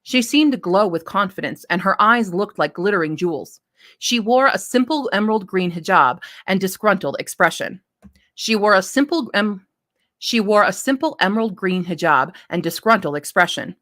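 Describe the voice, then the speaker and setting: A woman's voice: medium pitch, expressive, moderate pace, a bit bright. A woman reading her own story draft aloud, stopping to reread and correct lines.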